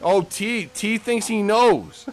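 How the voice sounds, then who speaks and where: A man's voice: high-pitched, takes it slowly, soft background music. A man giving casual, joking live commentary on a sim race, swearing freely as he calls the action.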